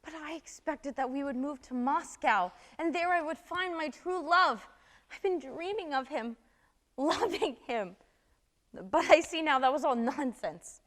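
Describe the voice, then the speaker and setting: A woman's voice: sits high, a little slow, a bit bright. A woman playing a despairing young woman. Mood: wistful. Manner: intense, emotional delivery. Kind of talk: amateur stage drama.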